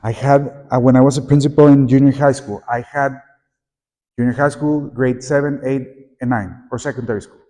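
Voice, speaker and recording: A man's voice: mid-range voice, normal speed. Guy running a teacher workshop, gets the room to join in, long hall echo. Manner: lively, prompts the audience to repeat and join in. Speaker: teacher trainer. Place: conference room at a teachers' meeting. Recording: echoey conference hall.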